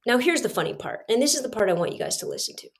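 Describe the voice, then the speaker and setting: With big pitch swings and a very fast delivery, this middle-aged podcast host's high-leaning voice carries a personal story she shares earnestly and confidingly, talking straight to her listeners.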